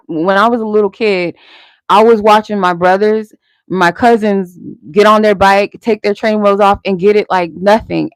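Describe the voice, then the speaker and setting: Speaking at a medium pitch on a dry recording, this woman runs a live tarot stream. Her spiritual advice is casual and frank, peppered with curse words, and she keeps it upbeat and motivating.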